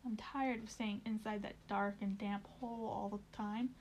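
A woman's voice: mid-range voice, steady tone, normal speed, darkish tone, slight background noise, close to an everyday voice, rough recording. A woman voicing a smug, greedy male mole villain in a storybook reading, talking with his mouth full and snarling. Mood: gloating.

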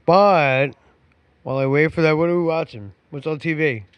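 Rowdy, joking man, a bit high-voiced. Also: normal speed, smooth, dry recording, highs cut off. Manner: rowdy, joking and swearing, laughs often. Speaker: podcast host. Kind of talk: casual chat.

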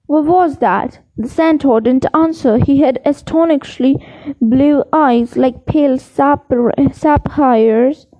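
A woman reading a novel aloud in an unhurried way, with small slips and restarts. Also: sits high, dark tone, muffled recording. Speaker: reader.

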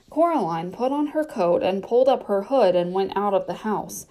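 Woman, audiobook narrator, children's novel, measured storytelling, warm mellow tone, mid pitch. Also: expressive.

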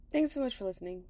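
Slow, rambling tired woman podcaster. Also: medium pitch, mellow. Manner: rambling with many fillers and laughs. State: a little tired. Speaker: podcast host. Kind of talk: casual rambling chat. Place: at home.

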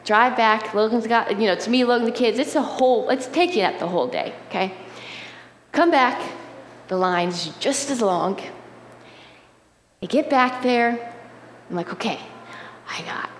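A woman giving a sermon, telling a personal story in a conversational, animated way, often checking in with the listeners. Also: fairly high pitch, moderate pace, long pauses, slight background noise. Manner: conversational, animated storytelling with frequent "right?" asides. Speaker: preacher. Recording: roomy hall reverb, faint ambience.

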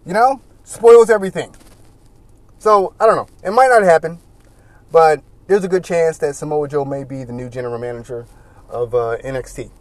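A man giving casual solo commentary as a wrestling reviewer, rambling and animated, with many "you know"s. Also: a little high, normal speed, no room sound.

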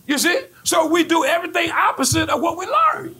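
Male pastor, emphatic pulpit preacher; very high, lively delivery, builds to shouting. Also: a little fast. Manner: emphatic, repetitive, rising to shouts. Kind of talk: fiery preaching sermon with congregation call-and-response.

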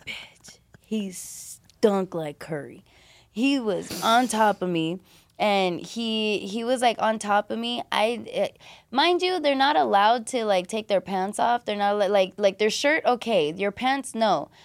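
This is a young woman speaking as a guest on a podcast, telling her own story. She talks bluntly and swears freely, and "like" runs all through her casual speech. Her voice sits at a middle pitch. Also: unhurried. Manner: blunt and profane, heavy use of "like". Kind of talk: candid personal storytelling.

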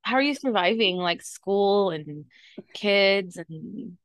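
A woman's voice: medium pitch, lively intonation, slow pace, no echo. Giggly woman co-host in casual chat. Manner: giggly, laughs often while telling stories. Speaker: podcast co-host.

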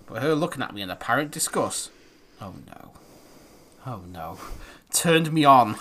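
A man co-hosting a comedy podcast, his mid-pitched voice swinging up and down with plenty of life. He laughs often and swears freely in relaxed, joking banter. A faint hiss of noise sits under the recording. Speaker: podcast co-host.

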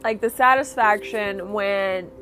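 A woman's voice: mid-range voice, takes it slowly, music in the background. Profane, rambling woman podcaster. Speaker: podcast host. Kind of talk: casual solo podcast rant.

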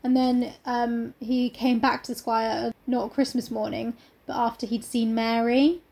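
High voiced woman recapping a book, chatty, swears a lot. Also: level tone, a little slow, gravelly, warm tone. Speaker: podcast co-host and reader. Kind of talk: casual chat and reading aloud.

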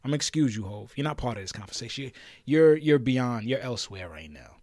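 A man from Brooklyn with a New York accent hosting a podcast, ranting with passion and challenging listeners, his voice swinging between loud and low. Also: lively intonation, a little fast, no echo, clean studio sound. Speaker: podcast host. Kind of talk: impassioned solo podcast rant.

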